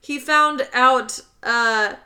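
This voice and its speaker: A young woman co-hosting a casual podcast, animatedly recapping a film plot and acting out the characters' lines in high, loud voices. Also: very slow. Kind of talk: casual chat.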